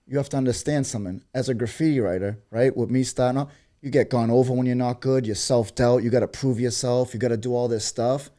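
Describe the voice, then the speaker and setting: Mellow-toned emphatic man. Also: medium pitch, fairly even intonation, quick pace. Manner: emphatic, swearing, speaks with conviction. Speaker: graffiti artist. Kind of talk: casual podcast talk.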